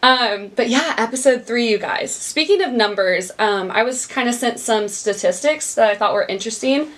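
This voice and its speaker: Animated and upbeat, a young podcast host chats solo to her listeners at normal speed in a slightly high, somewhat bright voice. She's bubbly, laughs a lot, and records in a small studio.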